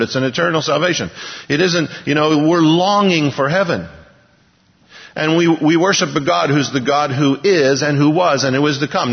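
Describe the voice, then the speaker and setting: A man preaching a sermon, reading scripture slowly and building to emphatic bursts. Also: mid-range voice, creaky, slightly rough. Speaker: pastor. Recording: dull, lo-fi with long hall reverb.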